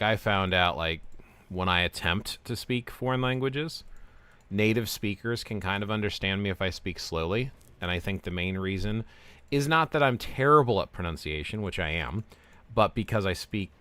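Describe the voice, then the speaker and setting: Male streamer, forties, very low voice, relaxed and chatty, talks through gameplay. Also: clean tone. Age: 40s. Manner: relaxed, chatty, explains game steps while answering chat. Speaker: game streamer. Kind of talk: casual livestream chat.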